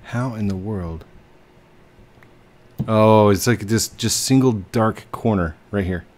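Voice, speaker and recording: Low-voiced man chatting while gaming. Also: slow, darkish tone. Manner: playful, laughs often, talks to game characters. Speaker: gaming channel host. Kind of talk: casual let's-play chat.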